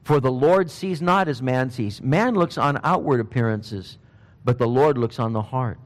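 A man preaching a sermon, telling Bible stories in a lively, conversational way and briefly voicing the people in them. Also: medium pitch, normal speed, big-room sound. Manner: animated storytelling, acting out Bible figures in casual speech.

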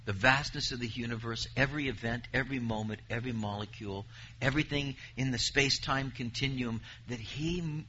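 A man's voice: medium pitch, brisk, sharp tone, lo-fi sound, a little hiss or hum. A man preaching a sermon, reading scripture aloud and pressing his points with emphasis.

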